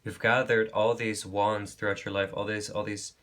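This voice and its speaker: A man giving a pick-a-card tarot reading, talking gently and reassuringly, rambling with restarts and calling listeners babe and beautiful soul. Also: fairly low pitch, little pitch movement, normal speed. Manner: affectionate, calls viewers babe and beautiful soul. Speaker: tarot reader.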